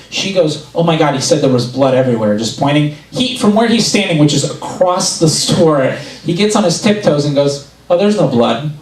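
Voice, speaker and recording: A man performing a stand-up comedy set, telling stories in an animated way and acting out what people said. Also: fairly high pitch. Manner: animated storytelling, acts out quotes. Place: club stage before a laughing audience. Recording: roomy live club recording, mic at a distance.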